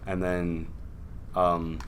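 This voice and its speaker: A young man with a low, bright-edged voice tells a story to friends in a loose, rambling way. He keeps dropping into quick put-on voices for the characters. A faint hiss runs under the recording. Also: monotone. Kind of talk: casual group chat retelling a story.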